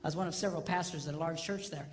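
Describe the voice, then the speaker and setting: A man's voice: a little high, rapid-fire. A middle-aged man, a pastor, giving a comedic marriage seminar to an audience, telling stories and teasing the listeners. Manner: animated storytelling, teasing the audience. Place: large hall before an audience. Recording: reverberant hall.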